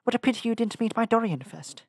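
A man's voice: extremely high pitch, lively intonation, quick pace, no room sound, clean studio sound, voice pushed up, heavily acted. A man doing a gossipy chatty queen.

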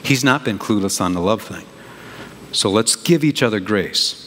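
A pastor preaching a sermon in an animated, conversational way, with big jumps in emphasis. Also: male voice, lowish voice, normal speed. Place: church sanctuary. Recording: reverberant church hall, faint noise.

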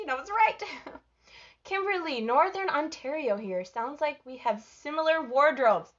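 A woman's voice: sits high, very animated, moderate pace, dull audio. A chatty, bubbly woman with a Minnesotan accent, hosting a live cooking stream and reading viewers' comments aloud. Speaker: cooking show host.

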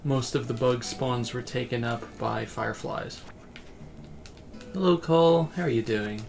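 Gravelly man chatting on a relaxed stream. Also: mid-range voice, unhurried, soft background music. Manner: relaxed, rambling, reads chat aloud. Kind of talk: casual game livestream chat.

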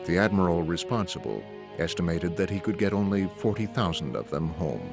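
Brief: very low male narrator, grave and measured, loud music under the read. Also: expressive, vocal fry. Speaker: documentary narrator. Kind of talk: scripted narration.

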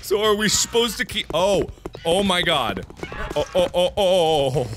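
Excitable man with lively pitch. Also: moderate pace. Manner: excitable, swearing, bursts of laughter. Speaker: gaming video host. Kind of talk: let's play commentary. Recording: game music behind.

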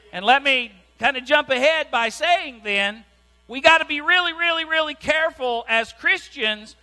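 In a church sanctuary with a hum and long reverb, a pastor delivers a lively sermon in a very high, clean-toned voice. Again and again, he turns to the congregation with "right?"

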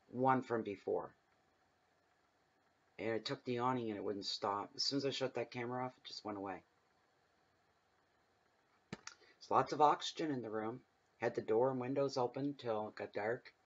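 A man's voice: medium pitch, normal speed, long pauses, highs cut off. A man giving a casual tarot reading at home, talking in a rambling, chatty way that drifts into personal stories. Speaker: tarot reader. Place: home room at night, windows open.

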